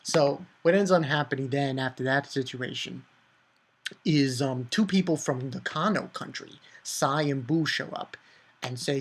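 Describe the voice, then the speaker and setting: A man giving a casual manga chapter review, excitable and profane, rambling with many fillers. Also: a little high, unhurried, slightly rough.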